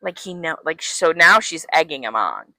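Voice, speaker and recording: Bright-voiced woman retelling a story. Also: low voice, normal speed, no room sound. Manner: animated storyteller, acting out characters' lines, swearing, many "like"s. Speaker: podcast co-host. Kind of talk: casual chat, retelling a book plot.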